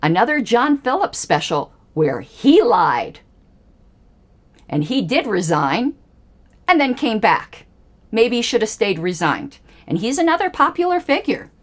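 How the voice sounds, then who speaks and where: A woman's voice: on the high side, very animated, a little slow. A woman hosting a livestream, giving angry, emphatic political commentary with pointed repetitions. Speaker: livestream host.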